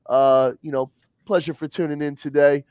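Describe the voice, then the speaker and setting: A man's voice: fairly high pitch, steady tone, moderate pace, clean tone, no room sound, studio quality. A man hosting a casual livestream, upbeat and slangy, greeting viewers by name. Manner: upbeat, slangy, gives shout-outs. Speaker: livestream host.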